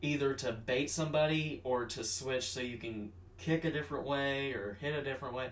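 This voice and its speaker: A man's voice: medium pitch, brisk. Wry man in an echoey room. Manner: relaxed and wry, explaining martial arts details. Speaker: podcast co-host. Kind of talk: casual chat. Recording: roomy room, mic at a distance.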